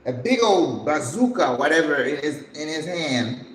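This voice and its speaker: An older woman hosting a cooking channel, telling a story in a lively, dramatic way as she cooks and acting out the people in it. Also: low voice, moderate pace. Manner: animated, dramatic storyteller who acts out the people in her story. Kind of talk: casual storytelling while cooking. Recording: echoey room with faint background noise.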